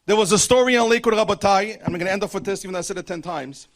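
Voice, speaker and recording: A man's voice: high voice, racing. A man teaching a religious class, speaking earnestly and urging his listeners, with many Hebrew terms mixed in. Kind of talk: religious lesson.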